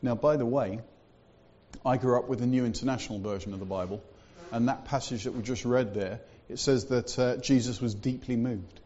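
A man preaching in a church with a mellow, dark voice, easygoing and conversational, full of little asides. The sound is a bit dull and lo-fi. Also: mid-range voice, steady tone, fairly quick. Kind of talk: sermon.

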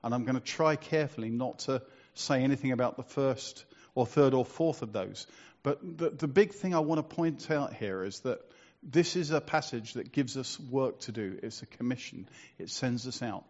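A man's voice: medium pitch, lively intonation, moderate pace, hardly any pauses, dull audio. A man preaching a sermon in a conversational, storytelling way, asking rhetorical questions.

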